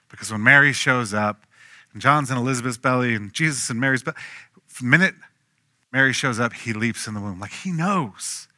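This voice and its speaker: Man, pastor, sermon, bright tone, dry close sound, animated storytelling. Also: medium pitch, dry recording. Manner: animated storytelling, acting out quoted voices, swinging from hushed to loud.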